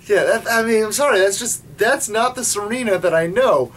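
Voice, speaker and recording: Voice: medium pitch, moderate pace, few pauses, a bit bright, a little hiss or hum. An anime vlogger giving a casual, rambling review at home, full of restarts and swearing.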